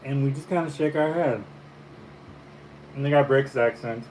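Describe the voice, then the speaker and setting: A man from the Caribbean, a painter, chatting casually over breakfast in a relaxed, musing storytelling way. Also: mid-range voice, moderate pace, poor audio. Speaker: painter and vlogger. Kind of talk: casual breakfast vlog chat. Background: faint fan hum.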